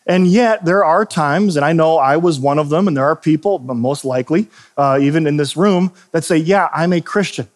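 A man's voice: on the high side, normal speed, few pauses. A male pastor giving a sermon in a church, talking in a loose, conversational way with frequent restarts and asides. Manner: conversational, self-deprecating, frequent restarts and fillers.

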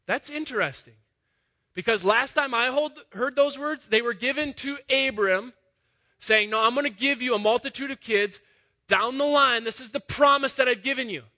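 This sounds like a full sermon from a male pastor who preaches in a lively, conversational style at a moderate pace. His high, very bright voice climbs to loud, emphatic peaks.

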